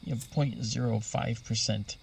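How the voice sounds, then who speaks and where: Gravelly man explaining astronomy. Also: medium pitch, steady tone, normal speed, far from the mic, slight background noise. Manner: patient and explanatory, spells out terms. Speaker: astronomy guest expert. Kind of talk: explanatory interview talk.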